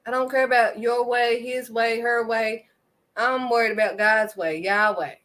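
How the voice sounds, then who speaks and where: Woman, faith vlogger, forceful bright tone, slightly high, preachy and emphatic. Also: steady tone, a little slow. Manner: emphatic, preachy, punctuates points with "period". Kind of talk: impassioned faith talk.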